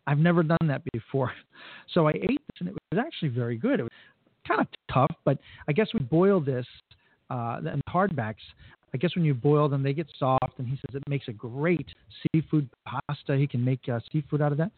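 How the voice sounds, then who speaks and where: A man's voice: a little high, expressive, fairly quick, dry recording. A man hosting a radio show on location at a resort, chatting casually and enthusiastically, rambling a little. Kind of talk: casual on-air chat. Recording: tinny phone-like radio sound, dry.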